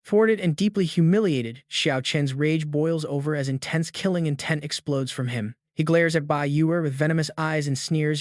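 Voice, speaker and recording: A man narrates a manhwa recap in smooth, scripted storytelling. His voice sits a little high and stays even throughout. The sound is close and dry. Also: moderate pace, few pauses, no room sound.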